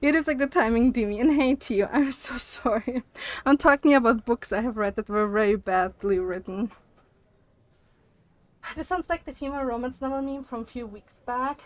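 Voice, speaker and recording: A woman's voice: fairly high pitch, moderate pace, no room sound. A young woman streaming live, chatting and swearing animatedly, a little out of breath from walking on a walking pad. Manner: animated, swearing, laughs often. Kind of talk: casual chat with live chat.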